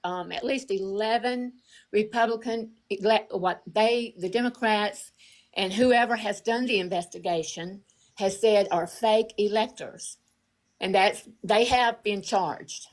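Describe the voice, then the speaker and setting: A woman's voice: mid-range voice, a little slow, low-quality recording. A woman calling into a live show over a remote connection, insistently defending her view and pushing back on the host. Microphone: remote call audio.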